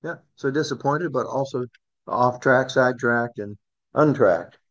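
A man's voice: mid-range voice, measured pace, fairly bright tone. A man teaching a Bible study class in a conversational way, often repeating words and asking the group questions. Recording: dull lo-fi recording.

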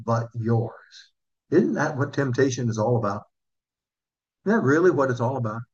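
A male pastor delivering a sermon in a husky, slightly breathy voice. He speaks earnestly, asks his listeners questions, and slows down when reading scripture. The recording sounds dull and lo-fi. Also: mid-range voice, darkish tone.

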